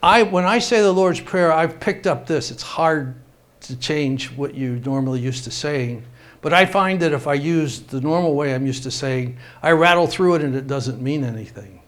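Pastor with a fairly high voice. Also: male voice. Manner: reads scripture aloud with rising emphasis, asides to the congregation; pauses and restarts mid-sentence. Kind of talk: sermon.

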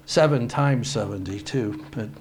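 A man's voice: medium pitch, creaky, darkish tone. A man preaching a sermon, reading scripture aloud with rising emphasis and making asides to his congregation. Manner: pauses and restarts mid-sentence. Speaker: pastor.

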